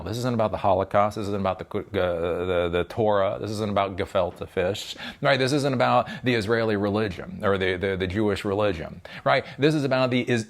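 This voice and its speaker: A man hosting his own channel, delivering a heated, profane, sarcastic commentary rant to camera. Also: lowish voice. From United States. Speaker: tech channel host giving commentary.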